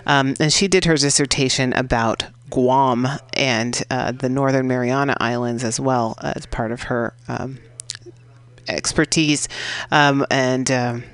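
A woman's voice: a bass voice, clear, resonant tone, no echo. A woman hosting a community radio show, recapping past guests in a chatty, rambling way with lots of fillers. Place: radio studio.

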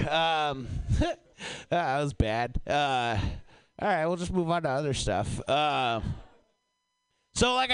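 A man performing a stand-up comedy set, animated and profane, swinging his voice up and down for bits. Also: fairly high pitch, clean tone, no room sound. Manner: animated, swearing, shifting voice up and down for bits. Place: comedy show venue.

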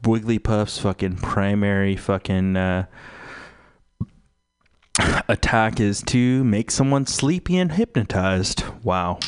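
A man's voice: lowish voice, unhurried, clean tone, dry recording, clean studio sound. A man hosting a radio show, ranting in a profane, rambling, mocking way full of fillers. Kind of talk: crude rambling radio rant.

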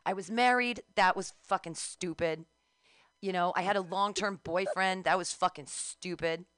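A middle-aged woman co-hosting a frank, profane chat show, her rants animated and blunt. The sound is dry and close, with no room around her voice. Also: fairly low pitch, normal speed, no room sound. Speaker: podcast co-host.

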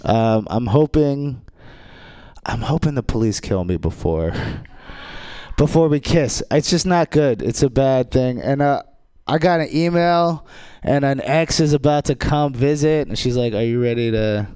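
A man performing a rambling stand-up routine on a radio show, telling dark, crude jokes in an offhand way. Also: mid-range voice, measured pace, clear, resonant tone, no echo. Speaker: stand-up comedian.

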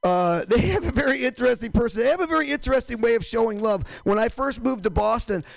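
Man, high voice, gravelly, rambling profane stand-up host, dry close sound. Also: expressive, quick pace, dry recording, low-quality recording. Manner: rambling, self-interrupting, profane. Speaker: comedy show host. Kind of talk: stand-up comedy. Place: small comedy room.

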